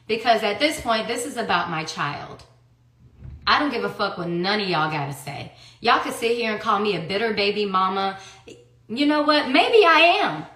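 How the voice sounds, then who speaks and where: In an echoey room, a woman with a medium-pitched, pushed and bright voice gives a heated personal account as an interview guest. She is blunt and profane, driving her points home with repeated rhetorical questions.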